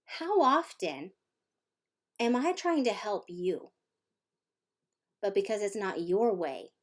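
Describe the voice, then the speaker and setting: A woman voicing a gentle, fatherly male divine figure who speaks softly and tenderly. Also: sits high, lively intonation, slow, exaggerated voice.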